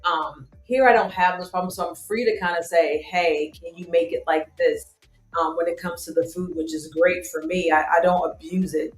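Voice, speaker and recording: A woman's voice: on the low side, steady tone, brisk, hardly any pauses, reverberant, soft background music. A woman co-hosting a casual travel live stream, making her points in persuasive repeated lists. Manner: persuasive, listing points with repetition. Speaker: travel show co-host.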